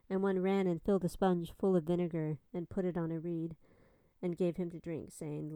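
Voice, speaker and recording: A woman reading scripture aloud in a calm, unhurried voice. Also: fairly low pitch, no echo, poor audio. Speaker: scripture reader.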